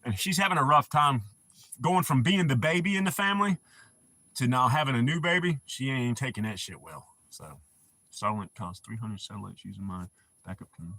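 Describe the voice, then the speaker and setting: Bright-voiced laid-back middle-aged man. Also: medium pitch, moderate pace. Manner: laid-back, swears freely, laughs often. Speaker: livestream host. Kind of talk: casual live-stream chat.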